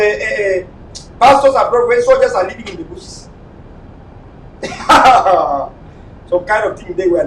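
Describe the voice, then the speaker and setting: Cameroonian guy ranting on his late night live show, high pitched, repeats himself, roomy echo, faint rumble behind. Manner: impassioned and repetitive, at times shouting. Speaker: online TV talk show host. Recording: echoey room, mic at a distance, faint rumble.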